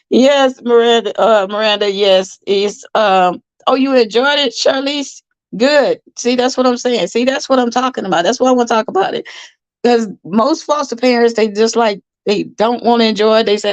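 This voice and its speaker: A woman's voice: a little high, moderate pace, no echo, lo-fi sound. A woman hosting a casual livestream, chatting earnestly about foster parenting and reading out viewer comments, often repeating herself for emphasis.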